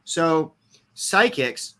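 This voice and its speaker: A man's voice: fairly high pitch, very animated, very slow, sharp tone. A man talking as a podcast guest in a loose, rambling and profane casual chat.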